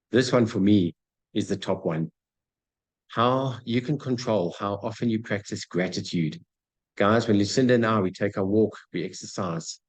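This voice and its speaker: Through a rough recording comes a motivational speaker's fairly low, slightly rough voice. He covers goal setting with energy, addressing the audience directly as "guys" and playing out short scenes with dialogue.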